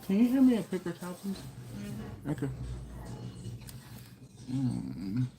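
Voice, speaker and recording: A man's voice: sits high, huge pitch swings, measured pace, dark tone. A man hosting a barbecue live stream, chatting casually and reading viewer comments aloud. He is laid-back and slangy, laughs often, and has a runny nose and a cough.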